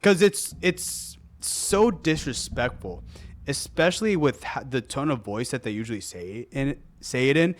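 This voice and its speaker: A young man co-hosting a podcast, talking casually, animated and often laughing, mimicking rude tones. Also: medium pitch, a little slow, a little hiss or hum. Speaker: podcast co-host.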